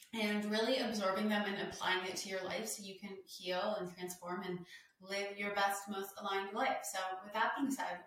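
A woman's voice: mid-range voice, pushed and bright, heavy reverb, distant mic, poor audio. A young woman hosting a solo wellness podcast, talking casually and emphatically with lots of "like" fillers. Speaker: podcast host.

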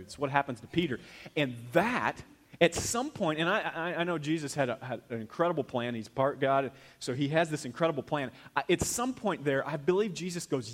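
A middle-aged male pastor preaching a sermon in a folksy, conversational way, swinging from hushed to loud. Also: mid-range voice.

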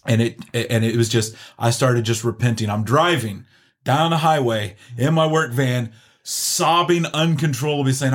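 Earnest man telling his testimony. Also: medium pitch. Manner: earnest, halting, many restarts. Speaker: guest sharing testimony. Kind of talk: emotional personal testimony.

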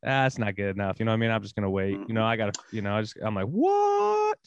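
Fast-talking man ranting on a podcast. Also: on the low side, clean tone, no echo, dull audio. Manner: ranting, animated, quick to laugh. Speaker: podcast co-host. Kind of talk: casual sports chat.

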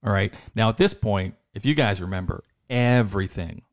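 Low-voiced man telling a lively story. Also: normal speed, no room sound, studio quality. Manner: lively storyteller who acts out quoted voices. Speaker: podcast host. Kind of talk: casual storytelling.

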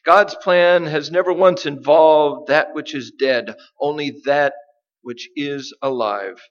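A man preaching a sermon, deliberate and emphatic, with dramatic pauses. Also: on the high side, lo-fi sound. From United States. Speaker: pastor.

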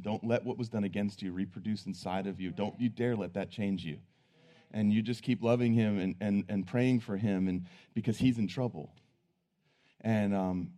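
A man's voice: lowish voice, warm tone. A man preaching, telling a personal story in an earnest, conversational way. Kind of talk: sermon storytelling.

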